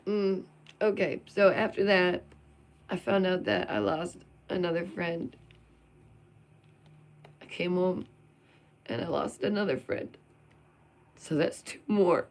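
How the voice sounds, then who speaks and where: Gravelly-voiced woman venting to camera. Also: on the low side, animated, slow, pauses often. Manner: emphatic and sarcastic, with rhetorical questions. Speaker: vlogger.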